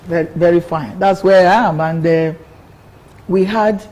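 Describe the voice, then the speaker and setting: A woman's voice: fairly low pitch, steady tone, a little slow, a little mellow, a little hiss or hum, rough recording. An older woman, a politician answering interview questions in an earnest way, often repeating words as she builds her point. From Nigeria.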